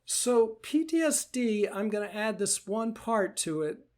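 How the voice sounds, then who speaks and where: High-voiced, gentle man teaching meditation. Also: animated, unhurried. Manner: gentle, reassuring, repeats phrases. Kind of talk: live Q&A talk.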